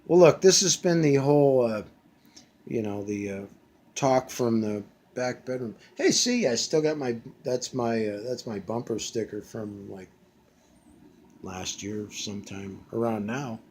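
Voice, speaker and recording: A man's voice: medium pitch, animated, unhurried, a little mellow. A man in his fifties ranting casually from a back bedroom at home, blunt and profane, with many fillers. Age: 50s. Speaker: vlogger.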